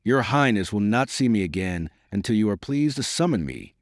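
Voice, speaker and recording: A male reader voicing a courteous, shrewd young baron who speaks in a measured, formal way. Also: on the low side, expressive, no room sound, clean studio sound. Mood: courtly.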